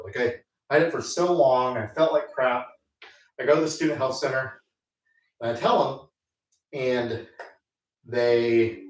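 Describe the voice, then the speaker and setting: Rambling man in an echoey gym. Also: mid-range voice. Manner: rambling, self-mocking, with many fillers. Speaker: host. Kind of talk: casual storytelling between sets. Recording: echoey room, mic at a distance.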